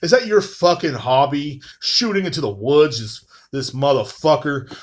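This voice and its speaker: A man's voice: on the high side, very animated, normal speed, few pauses. A young man, ranting profanely in a casual, rambling monologue full of fillers as a podcast host. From Texas.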